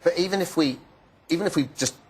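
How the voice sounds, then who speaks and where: A man's voice: a little high, quick pace, a little mellow, breathy edge. A man interviewing a guest on a TV show, pressing her with probing questions.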